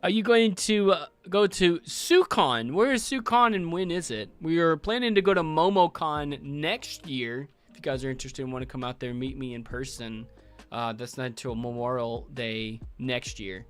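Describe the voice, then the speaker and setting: A man's voice: mid-range voice, moderate pace, clean tone, soft background music. Laid-back man thinking aloud on stream. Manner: relaxed, thinks aloud with fillers and chuckles. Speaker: livestream host building a game world. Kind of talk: casual livestream commentary while working.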